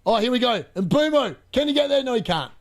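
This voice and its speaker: His voice is very high and fast as he narrates a football game live on his fantasy football stream. The young man is excitable, bursts into laughter often, and addresses his chat.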